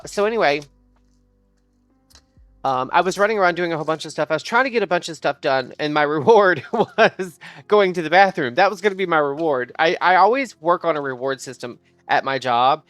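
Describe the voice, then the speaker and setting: Chatty woman streamer, low and dry. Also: brisk, no room sound, soft background music. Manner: animated, laughs often, swears freely. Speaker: livestreamer. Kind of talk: casual storytelling chat.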